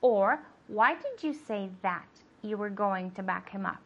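A woman's voice: medium pitch, animated, unhurried, dull audio. A woman teaching English, giving sentences to translate and encouraging her student with frequent okays. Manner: patient, encouraging, says "okay" often. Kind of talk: bilingual language lesson.

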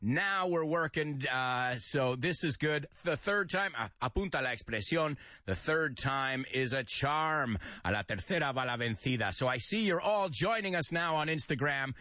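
A man hosting a radio show, his voice bright and ringing, swinging widely up and down in pitch. He reads listener comments aloud and slips into Spanish between English idioms. The sound is dry and close. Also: animated, normal speed, few pauses, no echo. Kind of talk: lively radio show chat.

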